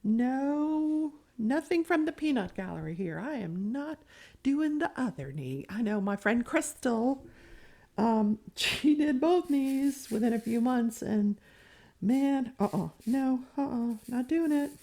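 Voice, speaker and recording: A woman's voice: fairly high pitch, lively intonation, a little slow, warm tone. A woman chatting casually while she works on a diamond painting, rambling and poking fun at herself. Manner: rambling, self-mocking, chatty. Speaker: crafting vlogger.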